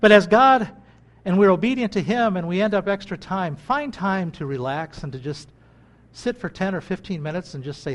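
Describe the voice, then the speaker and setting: A man preaching a sermon in a conversational way, swinging between loud bursts and quiet asides. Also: high-pitched, lively intonation, moderate pace. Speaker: pastor. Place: country church.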